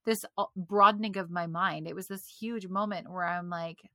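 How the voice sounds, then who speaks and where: A woman's voice: lowish voice, fairly even intonation, normal speed, a bit bright, no room sound. A woman speaking as a podcast guest, telling her personal story candidly and animatedly, often laughing between phrases. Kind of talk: personal testimony in conversation.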